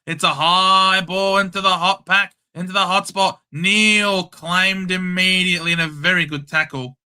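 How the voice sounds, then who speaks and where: At a moderate pace, a young Australian man commentates a casual live watchalong with blunt, excitable chatter on each stretch of play. His voice sits slightly high, very bright and sharp, forward and tense, while also clear and resonant, and he moves between play-by-play and casual opinion the way a regular host of his own show would.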